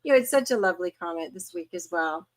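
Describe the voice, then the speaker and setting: A woman in her fifties hosting a casual livestream, chatty and quick to laugh as she greets viewers one by one. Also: fairly low pitch, expressive. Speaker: host.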